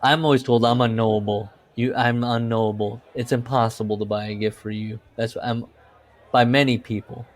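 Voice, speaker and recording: A man's voice: mid-range voice, fairly even intonation, brisk. A man co-hosting a podcast, telling rambling stories in casual chat, laughing often and swearing. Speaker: podcast co-host.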